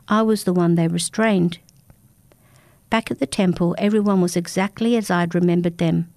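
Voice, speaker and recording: Woman narrating a dark folktale. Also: on the low side, no echo. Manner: steady, dramatic storytelling. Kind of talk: first-person storybook narration.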